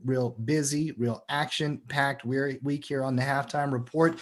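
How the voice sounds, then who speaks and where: A man's voice: mid-range voice, fairly even intonation, normal speed. Man, show host, upbeat, casual wrap-up, thanks co-hosts.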